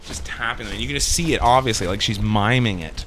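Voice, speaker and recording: A man's voice: fairly low pitch, quick pace, a little hiss or hum. Rambling, swearing male co-host. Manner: rambling, swearing, animated storytelling. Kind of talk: casual podcast chat while gaming.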